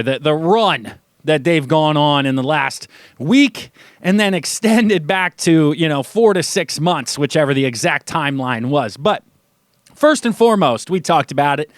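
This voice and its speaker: A young man runs a sports radio monologue in a high, lively voice, poking fun at what he reports. He talks casually in a radio studio, and his voice sounds close and dry. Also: no echo. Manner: animated, mocking, acts out quotes in a high voice.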